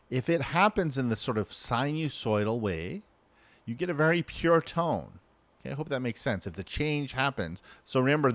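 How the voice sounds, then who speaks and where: A middle-aged man teaching a recorded lecture, halting and checking in with "right?" and "okay?". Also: medium pitch, no room sound.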